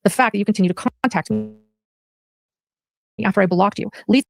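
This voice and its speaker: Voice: medium pitch, gravelly, dry recording, studio quality. A speaker in a played video clip who reads a prepared statement in a defensive tone. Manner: rapid, defensive, reading from a script.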